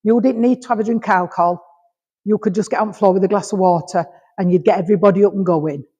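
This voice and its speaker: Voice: medium pitch, fast, mellow, husky, muffled recording. A medium from Rotherham with a Yorkshire accent, giving messages to an audience, calling people darling and sweetheart and checking in with "all right?" after almost every thought. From Rotherham, England. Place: village hall. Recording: long reverb of a hall.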